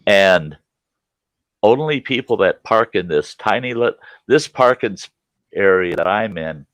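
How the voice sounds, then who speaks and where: A middle-aged man with a low voice that swings up and down a lot, telling a folksy, salty story to his live chat. He laughs often, and the sound is close and dry. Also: fairly bright tone, dry recording. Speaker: livestream host.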